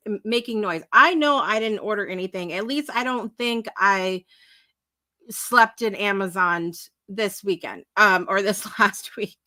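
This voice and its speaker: A woman's voice: mid-range voice, pushed and bright, dry recording. A woman hosting a live morning talk show, chatting in a bubbly, emotional way that rambles along with lots of fillers and laughter. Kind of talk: casual live-stream chat.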